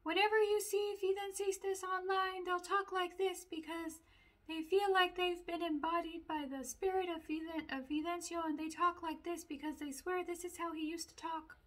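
A devotee speaking in a high, childlike voice, put on by a woman. The sound is bright and thin, set well above a normal speaking register. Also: level tone, moderate pace. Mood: earnest. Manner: high-pitched imitation.

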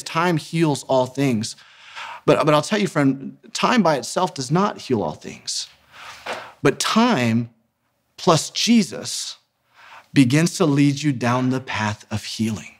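A ministry founder in his thirties gives an earnest, emphatic sermon-style talk. His voice is a little high, and he slows down to stress key words.

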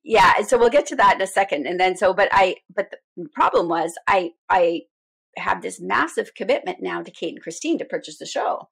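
A middle-aged woman, a guest on an interview show, telling her story in a heartfelt, animated way. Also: medium pitch, fairly quick, creaky, breathy edge. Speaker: guest, radio show host. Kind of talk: conversational interview.

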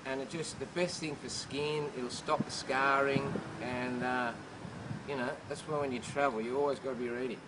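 Australian man, comedian, laddish and deadpan, crude jokes, middle pitch, outdoor noise. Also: moderate pace. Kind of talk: jokey handheld vlog banter.

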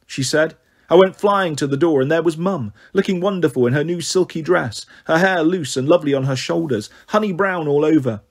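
A man reading a children's novel aloud in steady, plain storytelling with a husky voice. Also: on the high side, fairly quick. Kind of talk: audiobook narration.

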